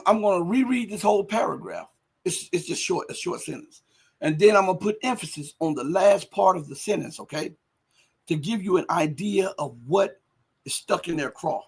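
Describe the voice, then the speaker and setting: Husky high-voiced man ranting on a livestream. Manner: emphatic, rhetorical questions, builds to shouting. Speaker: livestream host. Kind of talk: casual commentary reading viewer chat.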